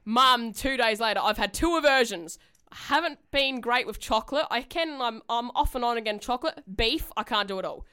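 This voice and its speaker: Woman, young, radio co-host, bright voice, slightly high, candid rambling chatter. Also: fairly quick, smooth. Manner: candid rambling storyteller, swears freely. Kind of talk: casual radio chat.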